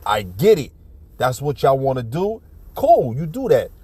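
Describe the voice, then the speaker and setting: A man's voice: mid-range voice, very animated, measured pace, warm tone, husky, no room sound. A man giving casual ranting commentary on a video clip, blunt, profane and preachy, often restarting his sentences.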